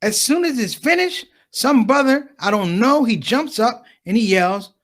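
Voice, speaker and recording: Male stand-up comedian, high voice, very lively pitch, acts out characters. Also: unhurried. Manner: animated, acts out others' voices, talks to the crowd.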